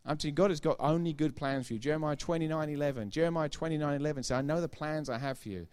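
A man's voice: fairly high pitch, very fast, darkish tone, clear, resonant tone. A middle-aged man preaching a sermon, emphatic and informal, repeating key phrases for effect and throwing chatty asides to the congregation. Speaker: pastor.

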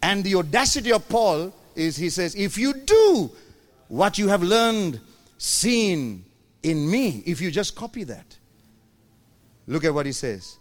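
Man, pastor, sermon in church, high voice, very lively pitch, playful asides. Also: measured pace. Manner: animated preaching, acts out congregation voices, playful asides.

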